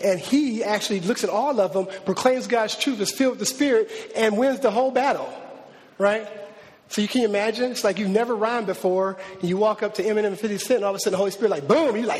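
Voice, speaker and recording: A man preaching a casual, animated sermon as pastor, with many fillers and restarts. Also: high-pitched, fairly quick, pauses often. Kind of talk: conversational sermon. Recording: long hall reverb.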